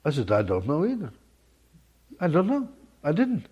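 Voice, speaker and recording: Husky preacher with sudden loud outbursts. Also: male voice, a little high, huge pitch swings, moderate pace, highs cut off. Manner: swings between quiet musing and loud emphatic outbursts. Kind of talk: sermon.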